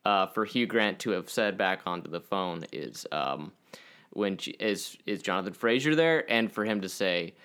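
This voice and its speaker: A man's voice: sits low, animated, normal speed, fairly bright tone. A man co-hosting a podcast, chatting casually and rambling into jokey asides. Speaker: podcast co-host. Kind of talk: casual chat.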